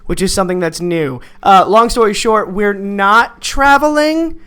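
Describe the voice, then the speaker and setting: A man hosting a podcast in casual, jokey chat, sarcastic and quick to swear. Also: high voice, bright, forceful tone, clear, resonant tone. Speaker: podcast host.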